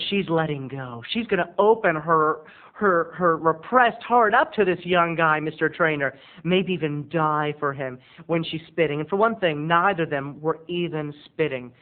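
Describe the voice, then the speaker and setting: A man's voice: fairly high pitch, moderate pace. A male video blogger doing a campy, sarcastic comic rant to camera, on tinny lo-fi audio. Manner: campy, sarcastic ranting with mock voices.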